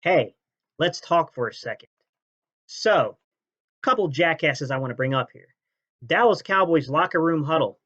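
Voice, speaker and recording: A man hosting a sports fan channel, ranting and mocking rival fans' comments, jumping between loud jabs and low sneers. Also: animated, a little slow, pauses often, muffled recording. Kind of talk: fan reaction rant.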